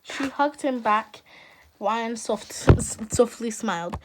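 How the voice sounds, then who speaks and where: A woman's voice: on the high side, takes it slowly, heavy background noise. A woman reading fan fiction aloud in an emotional way, stopping to laugh and apologize.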